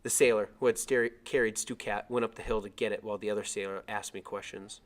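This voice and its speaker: A man reading a chapter of a novel aloud as narrator, with expressive storytelling. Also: lowish voice, fast talker.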